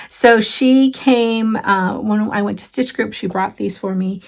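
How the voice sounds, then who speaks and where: A woman chatting casually to her viewers as she shows off stitching gifts, gushing warmly and dropping into soft asides with frequent ums. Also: mid-range voice, steady tone, unhurried, gravelly, hardly any pauses. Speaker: cross-stitch vlogger. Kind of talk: casual show-and-tell chat.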